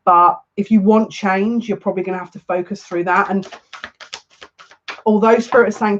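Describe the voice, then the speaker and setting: Male card reader for a live reading: high-pitched, jokey and chatty, dull lo-fi sound. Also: fairly even intonation, moderate pace. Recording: muffled lo-fi audio.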